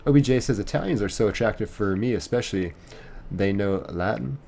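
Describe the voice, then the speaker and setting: A man's voice: on the low side, fairly quick, creaky, darkish tone, faint music behind. A man chatting casually on a live game stream, rambling as he reads and answers chat messages. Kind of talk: casual chat while gaming.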